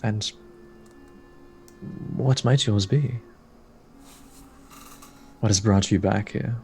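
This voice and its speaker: A man playing a character in a tabletop game, slow and measured. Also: on the low side, steady tone, darkish tone, a little hiss or hum. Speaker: player. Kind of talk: in-character tabletop role-play.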